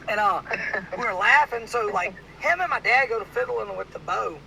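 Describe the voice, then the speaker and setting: High-voiced bright storyteller. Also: male voice, brisk, vocal fry, a little hiss or hum, poor audio. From Louisiana. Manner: rambling, animated storyteller with many "like"s. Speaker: podcast host. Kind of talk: casual storytelling chat.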